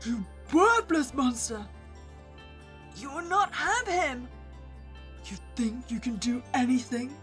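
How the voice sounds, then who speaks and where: A woman voicing a desperate summoner who shouts commands at a demon. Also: extremely high pitch, slow pace, faint music behind, exaggerated voice. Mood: defiant.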